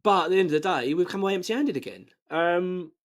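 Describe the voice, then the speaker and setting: Male fan-channel host, high-ish voice, blunt and heated, stumbles and restarts as he rants. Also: animated, fast. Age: adult, married. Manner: passionate and blunt, with frequent restarts. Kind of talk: casual football fan commentary.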